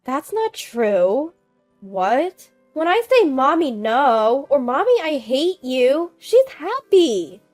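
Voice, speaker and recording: A woman voicing a small, tearful young boy in a high, soft childish voice, with faint background music. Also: very animated, takes it slowly, full character voice. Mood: earnest.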